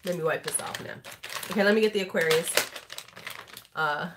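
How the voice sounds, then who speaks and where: A woman's voice: fairly low pitch, normal speed, background noise. Tipsy, chatty woman on a livestream. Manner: tipsy, loud and chatty, swears freely, laughs often. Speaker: beauty YouTuber. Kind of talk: casual livestream chat.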